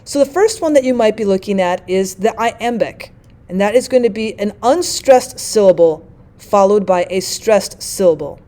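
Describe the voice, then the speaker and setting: This lecturer's medium-pitched voice is animated and dark in tone. She works through the lesson methodically, pausing to read examples at a slow pace.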